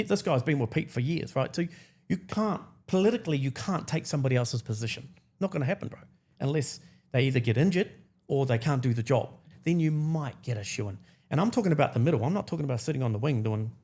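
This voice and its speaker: A New Zealand man in his forties, a podcast guest telling his story casually and acting out the dialogue in slangy speech. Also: mid-range voice. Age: 40s. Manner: animated, acts out quoted dialogue, slangy.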